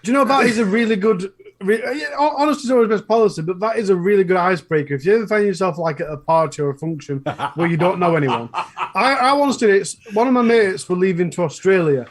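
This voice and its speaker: Northern English man, high and husky, cheeky swearing storyteller in casual chat. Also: fast talker. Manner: cheeky, swears, acts out dialogue. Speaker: podcast co-host.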